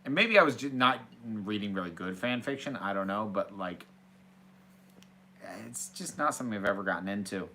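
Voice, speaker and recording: Bright-voiced man answering viewer questions. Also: on the low side, expressive, normal speed. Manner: chatty and hesitant, restarts phrases. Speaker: host. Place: small office room.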